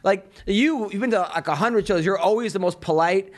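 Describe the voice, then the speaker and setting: High-voiced chatty man hosting. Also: moderate pace. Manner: chatty, rambling, frequent fillers. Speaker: podcast host, comedian. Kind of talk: casual chat.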